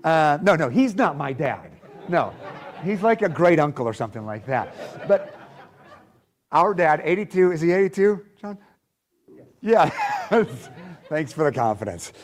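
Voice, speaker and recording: Middle-aged male preacher, slightly higher voice. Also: sing-song, a little slow, long pauses. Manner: reads scripture steadily, then talks conversationally to the congregation. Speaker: pastor. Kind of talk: sermon with scripture reading. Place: church service before a live congregation.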